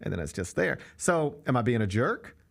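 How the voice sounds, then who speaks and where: Animated, opinionated male sports talk host. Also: normal speed, gravelly. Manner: animated, opinionated, acts out quotes with big pitch swings. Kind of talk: casual sports radio chat.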